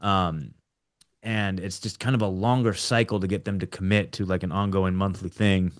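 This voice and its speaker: A man's voice: deep voice, fairly even intonation, moderate pace. A young adult man hosting a casual roundtable chat, rambling with frequent restarts, often saying like and dude. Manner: rambling, laughing, restarts a lot. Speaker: podcast host.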